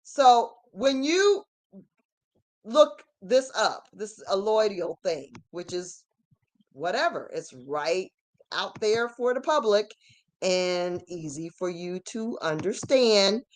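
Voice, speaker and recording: A woman hosts her own channel in a ranting commentary. She hammers the same points over and over and sometimes breaks into shouts. Her voice sits at an ordinary middle pitch. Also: lively intonation, slow. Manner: emphatic, repetitive, rising to shouts. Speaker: channel host.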